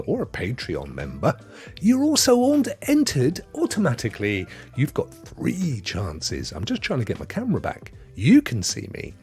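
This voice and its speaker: A man's voice: mid-range voice, a little mellow. A man hosting a live stream, chatting casually and jokingly while reading out chat messages. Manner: chatty, jokey, reads chat aloud.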